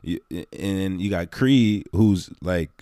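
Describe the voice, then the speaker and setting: A young man co-hosting a casual podcast chat, telling stories with animated, loud bursts when riled up. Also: low-pitched, slow pace, no room sound. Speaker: podcast co-host.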